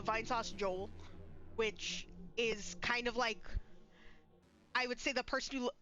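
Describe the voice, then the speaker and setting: A woman with a high, bright voice streams a horror game from her bedroom. She chats along nervously and keeps breaking into scared squeals and shrieks. Soft music plays faintly behind her. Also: muffled recording. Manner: jittery, scared, squealing outbursts. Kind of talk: live gameplay commentary. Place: home bedroom.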